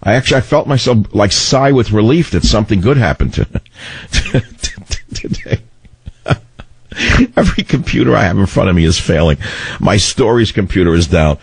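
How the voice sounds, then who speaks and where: A middle-aged man with a baritone voice, hosting a talk radio show in a combative, rambling way. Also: expressive, normal speed, gravelly, long pauses, breathy edge, no echo. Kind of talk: opinionated talk radio monologue. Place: radio studio. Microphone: studio microphone.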